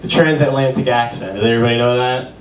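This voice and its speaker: A man's voice: mid-range voice, quick pace, over a noisy crowd. A man doing a stand-up comedy set, with a loose, rambling delivery full of "like". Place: small bar performance room. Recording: roomy, distant, with audience.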